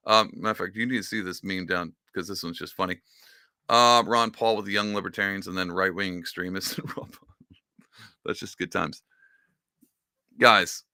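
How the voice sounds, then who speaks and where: A man hosting a podcast, giving casual political commentary in an excitable, sarcastic rant whose pitch swings up and down. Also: normal speed, dry recording, clean studio sound. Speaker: podcast host.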